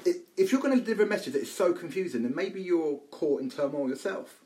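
A man's voice: a little high, lively intonation, quick pace, a little mellow, poor audio. A man from the UK, co-hosting a casual podcast, talking animatedly with stammering restarts. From United Kingdom. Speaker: podcast co-host.

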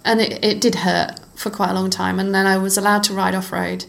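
Animated middle-aged woman telling stories. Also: mid-range voice, brisk, creaky. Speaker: interview guest, former cyclocross racer. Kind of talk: casual conversational storytelling.

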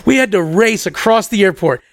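Young male podcast storyteller: high, raspy-edged voice, animated and profane, dry close sound. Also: brisk, dry recording. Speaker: podcast co-host telling a story. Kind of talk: casual storytelling chat.

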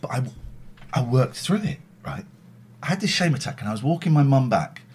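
A man's voice: medium pitch, very animated, brisk, darkish tone, breathy edge. A middle-aged man hosting a casual livestream, telling rambling, self-mocking stories and swearing freely. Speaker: livestream host. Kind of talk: casual chat.

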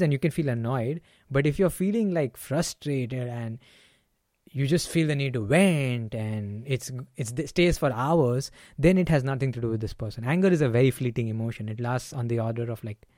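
A man's voice: mid-range voice, a little mellow, dry recording. Man on a dry, close podcast mic. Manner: acts out quick example lines in a raised voice. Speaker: podcast host. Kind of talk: casual solo podcast talk.

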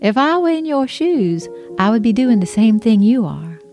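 A woman voicing a genteel, kind middle-aged Southern woman who talks sweetly and slowly, as if to a child. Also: a little high, very animated, a little mellow, faint music behind, voice pushed up. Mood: polite, gentle.

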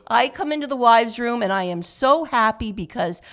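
An older woman telling a chatty, expressive anecdote in casual conversation. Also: a little high, moderate pace.

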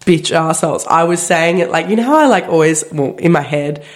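A woman's voice: low voice, brisk. A woman co-hosting a podcast in casual, giggly chat, talking while she is sick. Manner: chatty, giggly, animated storytelling. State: sick, recovering from illness. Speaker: podcast co-host.

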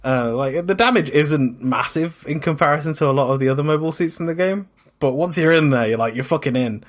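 A man's voice: on the high side, brisk. Easygoing man laughing through podcast chat. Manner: easygoing, laughs often, occasional swearing. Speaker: podcast co-host. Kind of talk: casual chat.

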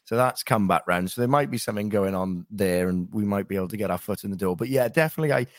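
A male voice actor and impressionist, talking in a lively, self-interrupting way during a casual interview. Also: on the low side, fast talker, no echo, clean studio sound.

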